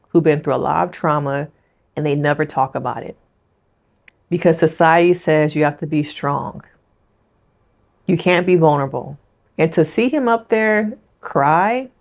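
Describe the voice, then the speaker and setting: A woman therapist giving a casual, chatty recap of a reality show and talking straight to her viewers. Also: deep voice. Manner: chatty, addresses viewers directly. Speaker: licensed therapist.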